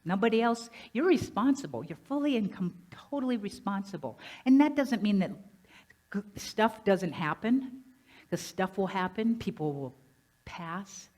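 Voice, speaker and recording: A woman minister giving a lively, conversational sermon, often asking the congregation questions. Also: mid-range voice, unhurried. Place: church sanctuary.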